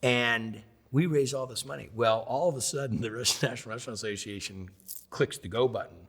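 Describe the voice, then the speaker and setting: A middle-aged man and chef, interviewed, telling stories with energy and acting out the dialogue, now loud, now hushed. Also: mid-range voice, a little fast, breathy edge. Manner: acts out quoted dialogue, swings between loud and hushed. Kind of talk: animated storytelling.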